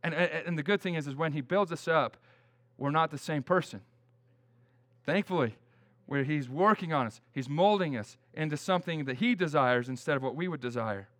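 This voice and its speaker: A man's voice: on the high side, moderate pace, a bit bright. Folksy plain-spoken preacher man. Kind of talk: conversational sermon.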